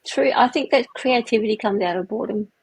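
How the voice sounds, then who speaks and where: A woman co-hosting a podcast in casual chat, reflective and quick to agree. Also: on the high side, husky, dry recording, rough recording. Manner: reflective, agrees often with "yeah". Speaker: podcast co-host.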